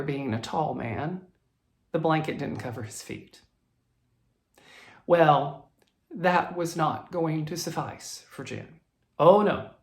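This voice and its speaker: A flosstube host telling a viewer's story in a chatty, animated way and reading from viewer emails. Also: mid-range voice. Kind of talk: casual storytelling vlog. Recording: roomy echo.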